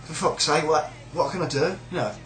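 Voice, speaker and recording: A man's voice: fairly high pitch, brisk, fairly bright tone, echoey room, faint music behind, rough recording. A man with a British accent ranting in a sneering, rambling, sweary way about a coworker. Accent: British English. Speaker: shop worker. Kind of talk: casual rant.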